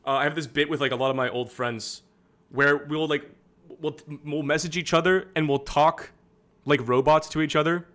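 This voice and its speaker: A man's voice: a little high, fairly even intonation, normal speed, bright, forceful tone. A young man streaming casual political commentary, rambling and candid, with frequent fillers and restarts.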